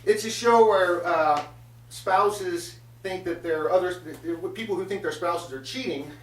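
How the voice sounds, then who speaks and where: Rambling, sarcastic comedy show host, a man. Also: high voice. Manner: meandering storyteller, many filler pauses, sarcastic asides. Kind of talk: rambling comic monologue. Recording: echoey room, voice from a distance.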